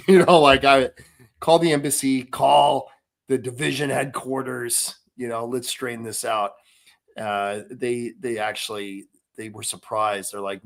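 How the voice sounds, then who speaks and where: A man's voice: mid-range voice, steady tone, measured pace. A middle-aged man hosting a casual podcast, talking in rambling stretches full of fillers and restarts. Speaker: podcast host.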